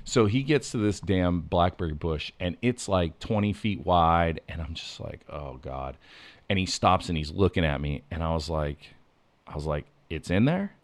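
A man telling a lively hunting story in casual podcast chat, acting out what people said. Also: low voice, normal speed, no echo. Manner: animated storyteller, acts out quotes.

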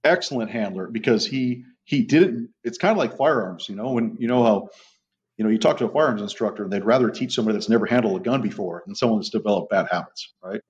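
Low-voiced man telling stories, muffled. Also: fast. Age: middle-aged. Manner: rambling storyteller, casual profanity. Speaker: guest, police dog trainer. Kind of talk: casual podcast chat. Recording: muffled lo-fi audio.

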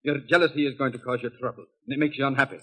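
An actor playing a boastful, roguish outlaw in an old-time radio drama, with a husky, boisterous voice. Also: male voice, medium pitch, steady tone, racing, bright, forceful tone. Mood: stern. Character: boastful roguish Scottish outlaw, laughing and swaggering.

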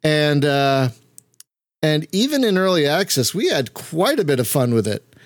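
A man's voice: on the high side, sing-song, unhurried, no room sound, studio quality. A man from Philadelphia hosting a casual podcast chat, laughing often and tripping playfully over his words. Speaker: podcast host. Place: home setup on a voice call.

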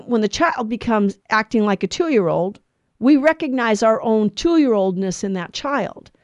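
A woman's voice: medium pitch, darkish tone, no echo. A middle-aged woman giving an earnest religious teaching talk on family life, stressing points by repeating words. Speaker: Catholic speaker on family life.

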